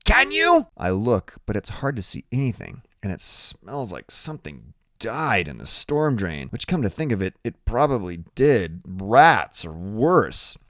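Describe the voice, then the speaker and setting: A man reads a first-person audiobook in a low voice that moves with lively ups and downs. His telling is plain and conversational, and the recording is dry and close, with no room sound. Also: a little slow, few pauses, no room sound. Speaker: audiobook narrator.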